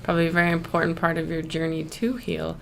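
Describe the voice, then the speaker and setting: A woman's voice: low voice, monotone, quick pace, creaky, slight background noise. A woman co-hosting a podcast interview who responds to the guest in a supportive, reflective way. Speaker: podcast co-host.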